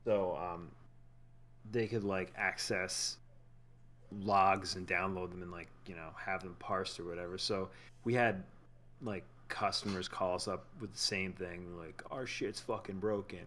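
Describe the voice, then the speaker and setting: A man's voice: sits low, fairly even intonation, measured pace, sharp tone. A man co-hosting a casual podcast, telling rambling, filler-heavy work anecdotes. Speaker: podcast co-host. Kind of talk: casual profane chat.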